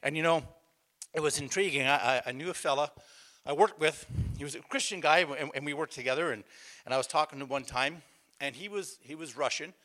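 A man's voice: a little high, fairly quick, sharp tone. A man preaching a sermon, emphatic and calling out to the congregation, with a conversational storytelling manner full of restarts. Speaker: pastor.

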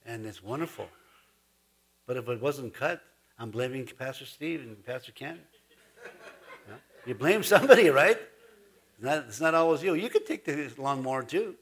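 A man's voice: medium pitch, expressive, normal speed, pauses often, breathy edge. A man preaching a sermon in a folksy, chuckling way, rising to emphatic points. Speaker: pastor.

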